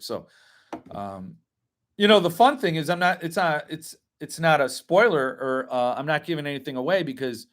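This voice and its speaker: A man's voice: medium pitch, fairly bright tone. A man hosting a casual livestream, rambling as he reads and answers chat comments. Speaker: host.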